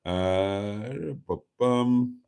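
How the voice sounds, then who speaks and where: Mellow-voiced man chatting on a live stream. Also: lowish voice, drawn-out words, vocal fry, clean tone. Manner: rambling, chatty, self-deprecating, swears mildly. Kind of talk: casual live stream chat reading viewer comments.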